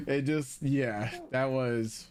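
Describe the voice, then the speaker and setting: A man's voice: mid-range voice, a little hiss or hum. A man co-hosting a live anime commentary stream, rambling casually with lots of fillers and restarts.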